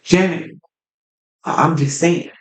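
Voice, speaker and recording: A woman's voice: low-pitched, fairly even intonation, slow pace. A woman co-hosting a casual podcast chat, outspoken and emphatic, talking colloquially and calling out to listeners. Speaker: podcast co-host. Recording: roomy echo.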